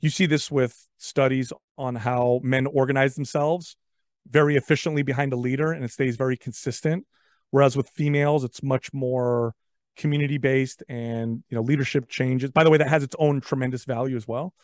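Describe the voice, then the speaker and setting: A man's voice: medium pitch, steady tone, normal speed, dry recording, clean studio sound. A man in casual podcast conversation, telling stories animatedly and often repeating words as he talks. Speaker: podcast guest. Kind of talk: casual chat.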